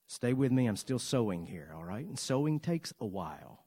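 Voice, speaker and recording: A pastor preaching to his congregation, earnest, with dramatic swings between loud emphasis and soft, quiet lines, and playful asides. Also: mid-range voice, sing-song, moderate pace, husky. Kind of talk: sermon.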